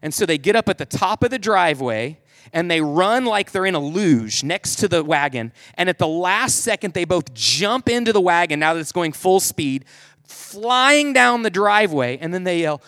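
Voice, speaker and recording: A man's voice: high-pitched, very animated, moderate pace, fairly bright tone, dry recording. A man in his forties telling a humorous family story to an audience, chatty and self-mocking, leaning on "like" a lot. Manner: loose, chatty, self-mocking, heavy use of "like".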